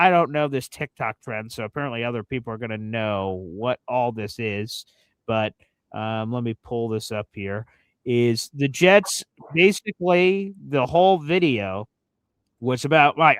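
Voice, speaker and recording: A man hosting a casual sports talk show, excitable and mocking as he talks. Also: medium pitch, no room sound. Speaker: sports podcast host.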